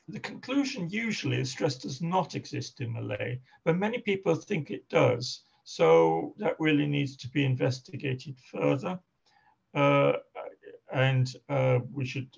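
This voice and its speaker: A male lecturer talks through a seminar in a deeply gravelly, husky voice, stopping often on fillers and restarting his sentences. The recording is muffled and lo-fi. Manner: hesitant, many fillers and restarts. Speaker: linguistics lecturer. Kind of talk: academic seminar talk.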